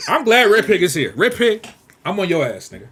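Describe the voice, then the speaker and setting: A man's voice: sits high, very animated, brisk, crowd noise. A man hosting a casual podcast chat, brash and profane as he teases the others. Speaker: podcast host.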